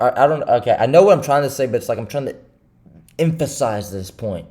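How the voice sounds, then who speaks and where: A man's voice: medium pitch, lively intonation, fairly quick, a little mellow. Young guy venting about trading on his vlog, keeps repeating himself, kinda frustrated. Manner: frustrated, rambling, repeats questions. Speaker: trading vlogger. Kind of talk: casual confessional monologue.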